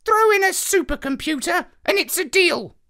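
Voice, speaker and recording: A man's voice: very high voice, animated, moderate pace, gravelly, pushed and bright, pitched above the performer's own voice, exaggerated voice. A man voicing a pompous, megalomaniac male parrot in a children's storybook reading, with screeching, pompous outbursts. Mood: haughty.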